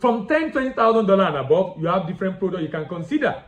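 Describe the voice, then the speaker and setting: A man's voice: sits high, very animated, fast talker, reverberant, low-quality recording. A man hosting a business lesson, talking straight to his viewers, working through a numbered checklist and repeating his key phrases for emphasis. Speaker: export business educator, show host. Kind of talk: instructional talk to camera.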